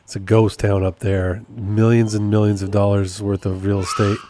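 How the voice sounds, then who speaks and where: Rambling, self-amused man, low mellow voice. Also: little pitch movement, normal speed, a little hiss or hum. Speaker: podcast host and process server. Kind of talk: casual solo podcast update.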